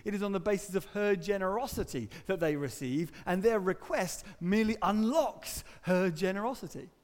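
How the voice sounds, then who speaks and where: A man's voice: high voice, a little mellow. A man preaching a sermon in a church, earnest and emphatic, with touches of dry humour. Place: church hall. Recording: reverberant church hall.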